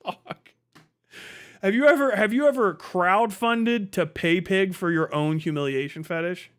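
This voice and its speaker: A male streamer talks through a debate in a loose, casual livestream style. His voice sits fairly high for a man, and he swears freely. He acts out the people he quotes in quick bursts. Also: smooth. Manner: profane, animated retelling with quoted voices.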